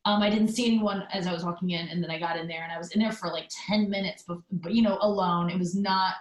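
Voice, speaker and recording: A woman's voice: fairly low pitch, fairly even intonation, roomy sound, low-quality recording. A woman hosting a podcast, telling a rambling story in casual chat with lots of fillers and asides. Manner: chatty storytelling, loose fillers, quick asides. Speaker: podcast host. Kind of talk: casual monologue.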